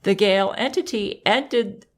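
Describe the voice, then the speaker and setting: A woman hosting, narrating a scripted story in a wry, unhurried reading manner. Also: medium pitch.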